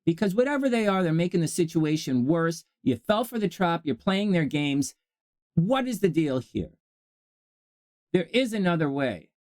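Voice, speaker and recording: Self-help host, male, a touch high-pitched, talks in an animated, jokey way and answers himself. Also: normal speed, no echo. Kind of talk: rambling self-help monologue.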